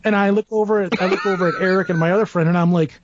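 A man's voice: high voice, very fast, muffled recording, background noise. A man telling a long rambling anecdote in casual talk, acting out what people said. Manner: rambling, animated anecdote with quoted asides. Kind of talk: casual storytelling.

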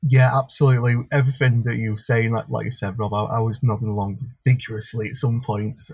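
Man, Blackburn Lancashire accent, husky voice, dry close sound, chatty interview guest, stammering restarts. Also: medium pitch, level tone, quick pace, darkish tone, dry recording. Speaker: podcast guest, media worker and stage performer. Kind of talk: casual interview answer.

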